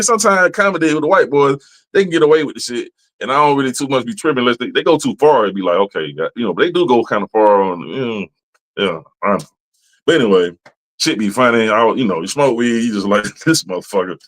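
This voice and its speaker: A man's voice: medium pitch, fairly bright tone, poor audio. A man hosting a podcast, talking in a loose, profane, rambling way and sometimes mimicking other people's voices. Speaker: podcast host. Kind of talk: casual monologue.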